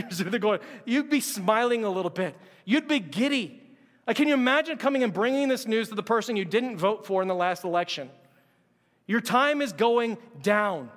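High-voiced preacher in a reverberant hall. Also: male voice. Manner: conversational, animated, acts out quotes. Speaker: pastor. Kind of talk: sermon.

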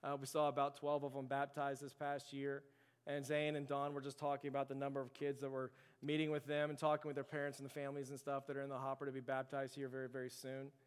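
A man's voice: mid-range voice, monotone, fast talker, clean tone. A man preaching a sermon as pastor, building his points with rhetorical questions. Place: church sanctuary. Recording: long hall reverb.

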